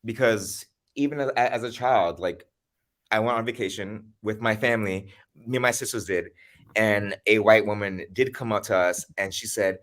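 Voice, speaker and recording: Slightly low-voiced man telling animated stories. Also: moderate pace. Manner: animated, acts out quoted voices with laughs. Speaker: host. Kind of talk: casual conversational storytelling. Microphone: video call.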